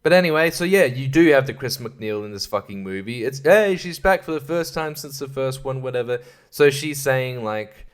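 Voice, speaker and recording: A man's voice: mid-range voice, animated, moderate pace, few pauses, clean tone. A man hosting a podcast, reviewing a film in a sarcastic, rambling way, with lots of swearing and laughter at his own jokes. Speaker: podcast host.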